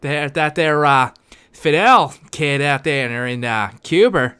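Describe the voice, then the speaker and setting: A man putting on a thick Boston drawl as a male politician, halting and loud. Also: a little high, flat delivery, smooth. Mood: mocking.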